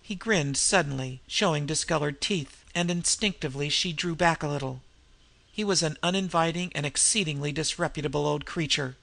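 A man narrating an audiobook in a measured storytelling manner. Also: a little high, creaky, bright, forceful tone, no echo.

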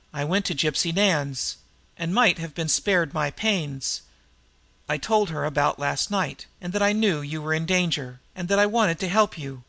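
A suave gentleman adventurer in a storybook reading, as a man puts him on, polite and ironic. His voice is bright and a little high. A gravelly fry sits underneath it. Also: no echo.

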